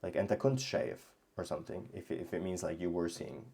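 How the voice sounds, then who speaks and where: Low-voiced man explaining grammar. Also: fairly even intonation, very fast, gravelly, warm tone, husky. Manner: thinks aloud with frequent ums and restarts. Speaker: language teacher. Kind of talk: explaining grammar in a casual lesson.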